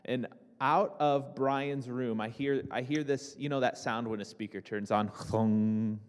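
A man's voice: mid-range voice, normal speed. A young man preaching a sermon to a congregation, talking casually with restarts and asides. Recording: reverberant hall.

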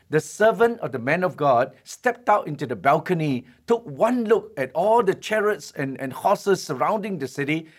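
A man preaching a sermon as pastor, telling stories and slowing down to stress his key points. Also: fairly high pitch. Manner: storytelling preacher, emphatic, slows for key lines.

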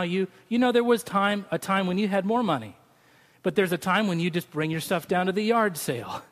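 A man preaching a sermon in a chatty, humorous way, joking with his listeners. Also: sits high. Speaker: pastor. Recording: long hall reverb from a large room.

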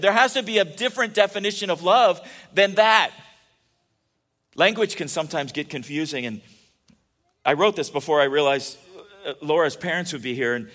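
A man's voice: on the high side, pushed and bright. A man preaching a casual, joking sermon, telling stories and often restarting his sentences. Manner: chatty and joking, with many restarts. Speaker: pastor.

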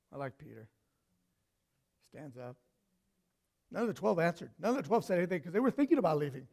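A man preaching a sermon, telling stories with lively swings from loud to hushed. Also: fairly high pitch, fairly quick, vocal fry, long pauses.

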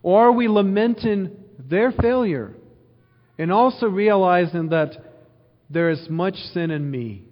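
A man's voice: high-pitched, animated, unhurried. Man preaching a sermon in a reverberant hall. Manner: earnest preaching with repetition and rhetorical questions. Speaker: pastor. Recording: dull sound with long hall reverb.

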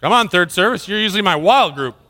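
A man's voice: sits high, expressive, fast talker, pushed and bright. A male pastor preaching a sermon in church, earnest and conversational, asking the congregation questions. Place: church sanctuary.

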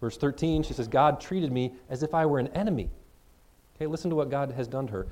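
A man preaching a sermon, reading scripture verses slowly and then explaining them in plain, conversational words. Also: mid-range voice, darkish tone. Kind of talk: expository sermon.

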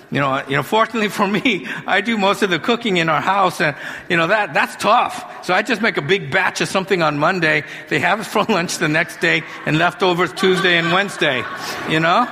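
A male pastor preaching a sermon in a conversational, animated way, with humorous asides. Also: sits high, fairly quick. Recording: long hall reverb.

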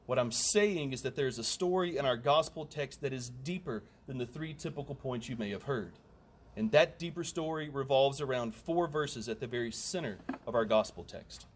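A man's voice: medium pitch, moderate pace, a little hiss or hum. A man preaching a sermon in a conversational way, with humorous asides and emphatic repetition.

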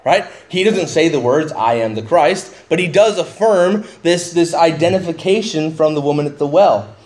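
A man preaching a verse-by-verse sermon in a conversational way, getting animated when he paraphrases. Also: fairly high pitch, moderate pace. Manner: conversational, rising excitedly when paraphrasing Jesus. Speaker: pastor. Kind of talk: expository sermon.

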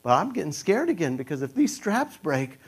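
A young man telling a personal story in a casual, animated way, jumping into a high, panicky voice when quoting his own thoughts. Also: brisk, breathy edge.

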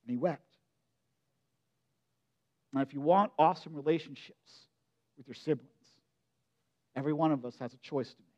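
A man giving a sermon as pastor, preaching in an expressive, conversational way and often asking his listeners direct questions. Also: a little high, highs cut off.

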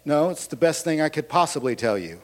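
High-voiced pastor telling a funny story. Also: male voice, sing-song, fairly quick. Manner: storytelling, humorous asides, audience questions. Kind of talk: sermon with personal story.

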